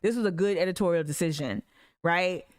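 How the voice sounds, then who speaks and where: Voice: mid-range voice, fairly quick, smooth, no echo, studio quality. An activist commentator, reacting to news clips in emphatic casual talk, often restarting sentences. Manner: emphatic, with many restarts and asides.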